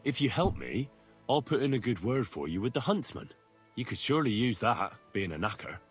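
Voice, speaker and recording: An actor playing a young male hunter hero who asks direct, earnest questions in a steady way. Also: mid-range voice, a little fast, breathy edge, faint music behind.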